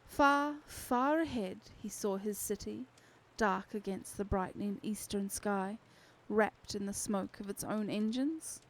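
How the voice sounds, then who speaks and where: A woman streamer reading a novel aloud to her community with steady, expressive narration. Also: mid-range voice, unhurried, hardly any pauses, rough recording. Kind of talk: unhurried storybook reading.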